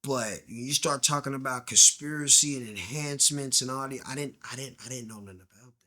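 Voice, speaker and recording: A man's voice: medium pitch, fairly quick, pushed and bright. A man guest telling his story in slang, acting out the voices in quoted dialogue and dropping to a near-whisper at tense moments. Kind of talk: candid storytelling interview.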